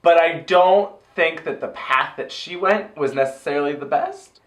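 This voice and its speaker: A man's voice: a little high, normal speed, a bit bright. A man co-hosting a casual chat about a TV episode, easygoing and mostly agreeing. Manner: easygoing, agreeing, short replies. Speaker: podcast co-host. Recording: echoey room.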